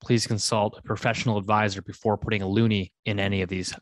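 A man's voice: fairly low pitch, little pitch movement, fast talker, no echo, studio quality. A man from Canada hosting a finance podcast, reading an ad and chatting loosely with many fillers and restarts. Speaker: podcast host. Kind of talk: casual podcast chat and ad read.

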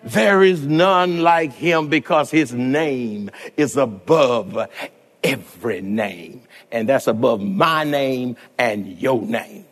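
A middle-aged male pastor, preaching a sermon and calling his congregation to respond. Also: medium pitch. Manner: rising to shouted, drawn-out exclamations, calls congregation to respond. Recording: long church reverb.

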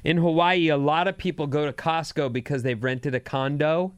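A man's voice: on the high side, steady tone, normal speed, clear, resonant tone, dry recording. Male radio host, middle-aged, dry teasing banter, close dry studio mic. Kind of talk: casual on-air banter.

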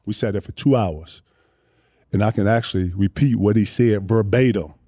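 A man telling stories casually, animated and profane, acting out other people's voices. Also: fairly low pitch, normal speed, breathy edge. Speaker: guest storyteller. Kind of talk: casual storytelling.

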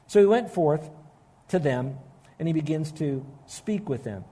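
A man preaching a sermon, earnest and emphatic, slowing down to stress key phrases. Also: a little high, animated, warm tone, breathy edge. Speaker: pastor.

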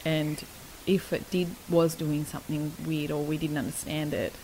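A woman's voice: deep voice, flat delivery, moderate pace, mellow, slight background noise, rough recording. A young woman telling a personal story in a candid, casual chat, speaking frankly, swearing freely and laughing between lines.

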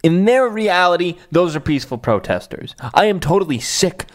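A man's voice: high-pitched, expressive, moderate pace. A man hosting a political commentary show, talking in a blunt, scornful and mocking way over clips.

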